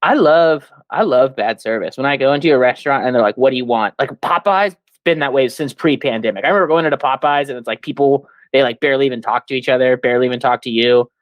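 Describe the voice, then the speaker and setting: A man chatting on a podcast, spinning stories in an animated way and breaking into high mock voices when he quotes people. His voice sits at a middle pitch. The recording is close and dry. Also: fast, hardly any pauses, no echo, muffled recording. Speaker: podcast co-host. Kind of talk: casual podcast chat.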